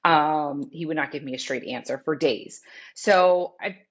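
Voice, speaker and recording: A woman's voice: sits low, a little slow, slightly rough. A woman in her forties, a fitness trainer and interview guest, telling a personal story in a candid, rambling way and often quoting herself.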